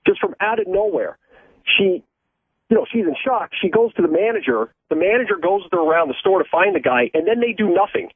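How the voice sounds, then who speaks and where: A male caller from Ohio on a tinny, dry phone line. His voice is high, husky and lively in pitch as he tells an agitated, profane story. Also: brisk, no echo.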